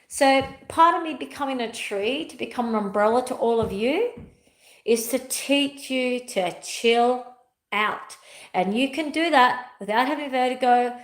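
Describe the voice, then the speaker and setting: A woman talks as a spiritual teacher in a fairly high voice. She speaks emphatically and hammers her points home by repeating them. The recording has a roomy echo from her home. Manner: emphatic, repeats key phrases. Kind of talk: spiritual motivational talk.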